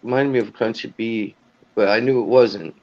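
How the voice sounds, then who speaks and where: A man's voice: lowish voice, normal speed, highs cut off. An easygoing man in a casual group chat on a livestream, laughing often.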